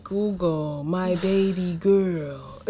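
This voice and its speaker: A woman co-hosting a casual chat, talking loosely with drawn-out fillers and the odd swear word. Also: fairly low pitch, warm tone. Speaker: podcast co-host.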